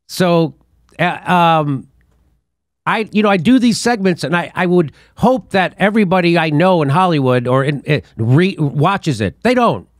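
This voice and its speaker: A middle-aged man hosting a political commentary show, talking in an animated, scornful way and laughing between his points. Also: on the high side, measured pace, dry recording, clean studio sound. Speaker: show host.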